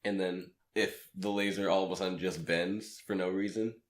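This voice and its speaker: A man slightly raspy from a cold, rambling through a casual podcast chat as co-host and laughing at his own jokes. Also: low-pitched, steady tone, moderate pace. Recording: echoey room.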